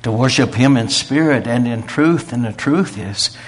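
A man's voice: mid-range voice, normal speed. A man, preaching a sermon in a folksy storytelling way. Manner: folksy storytelling with quoted voices.

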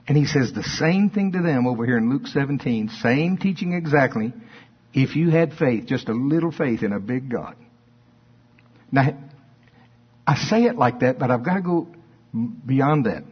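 Man preaching, husky voice, emphatic swings from loud highs to low asides, dull lo-fi recording. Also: lively intonation, normal speed. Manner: emphatic preaching, rising to high bursts then dropping low. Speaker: pastor. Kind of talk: sermon.

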